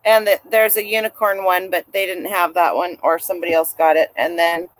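A woman vlogs casually as a reseller, showing off her finds while rambling chattily and talking to the people and dog nearby. Her voice is on the low side, steady and fairly quick. The recording is dry.

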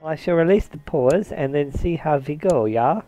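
A game let's-player with a slightly high, mellow voice speaks at normal speed with lively intonation, and the recording is dry. His commentary is casual and distracted, mostly musing to himself. Every so often he tries out a mock posh old-English put-on.

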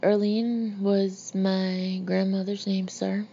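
Slow and mellow, a woman's mid-range, level voice portrays a tiny, refined elderly Southern lady speaking in a prim, courteous, genteel way. It comes through a muffled lo-fi recording with faint hiss.

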